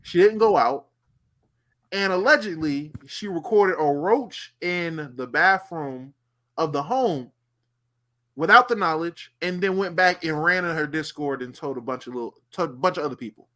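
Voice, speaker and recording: Lively high-voiced man telling a story. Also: moderate pace. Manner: animated storyteller, repeats himself, lots of fillers. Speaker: podcast co-host. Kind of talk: casual chat.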